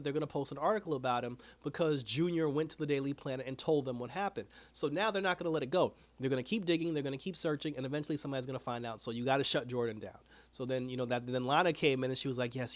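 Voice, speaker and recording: A man hosting a casual TV episode review, retelling scenes in an animated way with quoted dialogue and frequent laughs. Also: on the high side. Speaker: TV review host.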